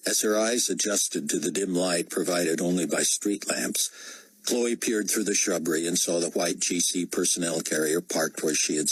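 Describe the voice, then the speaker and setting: A man reading an audiobook in steady, measured narration. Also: deep voice, husky, poor audio. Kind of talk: scripted narration.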